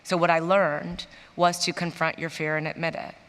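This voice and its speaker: A lower-pitched woman from Chicago tells her stories on a conference stage. She gets animated and acts out the people she quotes. Her voice carries the long reverb of a big hall. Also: normal speed. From Chicago, USA. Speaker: interview guest, business executive. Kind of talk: storytelling in a stage interview.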